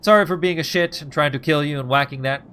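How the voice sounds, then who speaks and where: A man's voice: on the high side, fast, fairly bright tone, a little hiss or hum, pitched above the performer's own voice, close to an everyday voice. A man voicing a jittery, scruffy male ex-bounty hunter, talking sarcastically and pleading, as he reads game dialogue aloud.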